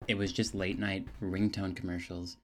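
A man's voice: sits low, little pitch movement, normal speed. A young adult man co-hosting a podcast, chatting in a wry, matter-of-fact way. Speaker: podcast co-host. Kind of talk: casual chat. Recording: noisy mic.

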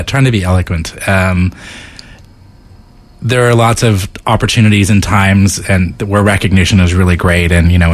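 Very deep-voiced man, joking guest. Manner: joking, halting, many fillers. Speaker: studio guest, business owner. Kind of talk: casual interview. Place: radio studio booth.

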